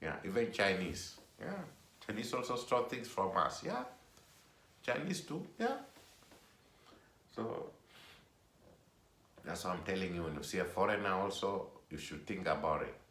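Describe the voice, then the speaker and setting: Deep-voiced man ranting in an echoey room. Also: normal speed, pauses often. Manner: animated, repetitive, emphatic. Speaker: vlogger. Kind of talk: casual opinion monologue.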